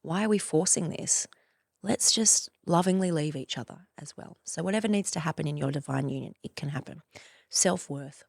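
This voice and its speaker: A woman in her forties hosting a podcast, talking in a loose, effusive monologue, swearing freely and leaping up in pitch for playful emphasis. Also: normal speed, creaky, a little mellow, no echo, studio quality. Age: 40s. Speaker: podcast host. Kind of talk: casual monologue.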